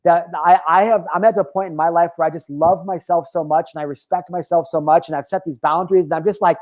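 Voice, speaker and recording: A man in his thirties speaks as host of his own motivational talk. His voice sits a little higher than most men's, and he talks candidly, swears freely and wanders into tangents with plenty of filler words. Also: fairly even intonation, quick pace, hardly any pauses, a little mellow. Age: 30s.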